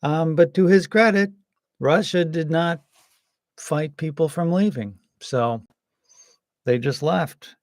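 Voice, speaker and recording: A man giving casual, rambling political commentary, hesitant with many pauses and some wry jokes. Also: on the high side, no echo, studio quality. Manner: wry and joking.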